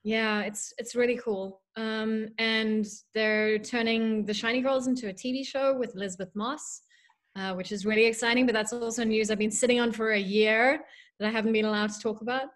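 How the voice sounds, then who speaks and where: A South African woman with a fairly high, steady voice speaks at normal speed as an author guest on a video call. In this casual interview she is self-deprecating and full of fillers, her mixed accent drifting toward American and Irish.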